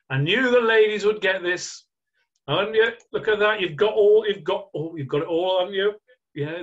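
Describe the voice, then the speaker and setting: A man's voice: on the high side, a bit bright. Chatty man hosting a webinar quiz. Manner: chatty and jokey, teasing the audience. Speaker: webinar presenter. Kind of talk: quiz-style webinar presentation. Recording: dull lo-fi webinar audio.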